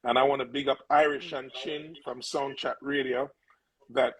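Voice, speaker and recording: A man's voice: mid-range voice, steady tone, moderate pace, low-quality recording. Earnest middle-aged man telling stories. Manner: earnest, rambling storyteller with frequent restarts. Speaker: musician guest. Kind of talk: casual storytelling interview.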